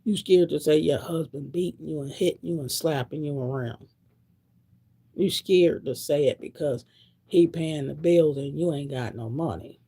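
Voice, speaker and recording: A woman's voice: deep voice, moderate pace, warm tone, slightly rough. A woman in her sixties giving a blunt, preachy monologue to camera, repeating her points. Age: 60s. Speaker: vlogger.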